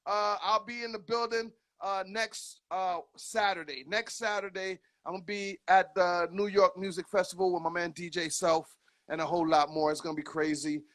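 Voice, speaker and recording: A man's voice: high-pitched, fairly even intonation, moderate pace, a bit bright. A man hosting a radio show, chatting casually with a guest in hyped, slangy talk and laughing often. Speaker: radio DJ host. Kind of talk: casual radio interview chat.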